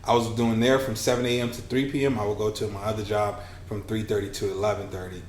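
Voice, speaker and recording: A man in his thirties tells his story as a podcast guest, animated and quick to act out whatever dialogue he quotes. The room around him rings a bit, with a faint hiss underneath. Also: on the low side, reverberant. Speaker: podcast guest, business coach. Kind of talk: conversational storytelling.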